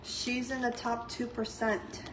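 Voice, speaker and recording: A blunt young woman talks casually to her viewers, swearing freely and laughing often. Her voice sits a little high. The recording carries a clear layer of background noise. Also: flat delivery, a little slow. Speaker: channel host, mother. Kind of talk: casual chat reacting to viewers.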